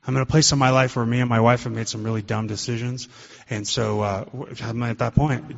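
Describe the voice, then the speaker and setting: A man's voice: mid-range voice, level tone, brisk, creaky. A man giving an earnest, conversational recovery talk as a guest speaker, with fillers, on a dull lo-fi recording with hall reverb.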